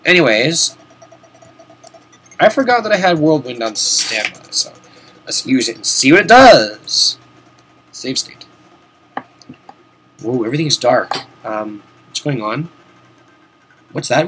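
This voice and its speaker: A man hosting a video-game playthrough, chatting and rambling as he plays, swearing casually, his voice a little sore and hoarse. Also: mid-range voice, sing-song, slow, long pauses, a bit bright, slight background noise. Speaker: host. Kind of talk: let's-play game commentary.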